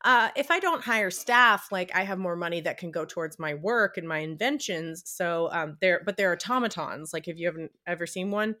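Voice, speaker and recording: A woman's voice: lowish voice, expressive, normal speed, few pauses, bright, forceful tone. A woman voicing an odd older male inventor who talks in a casual, offhand way.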